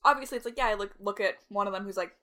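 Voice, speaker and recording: A woman's voice: medium pitch, rapid-fire, pushed and bright. A woman in her twenties co-hosting a podcast, chatting casually with many "like"s and laughs. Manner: chatty, heavy use of "like", frequent laughs. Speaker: podcast co-host. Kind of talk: casual chat.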